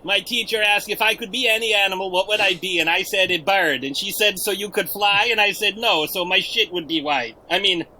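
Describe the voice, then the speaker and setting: A man playing a despairing, broke man in a crude comedic script read-through, halting and full of hesitations. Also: sits high, bright, forceful tone, slight background noise, poor audio. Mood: joking. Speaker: player reading a script aloud.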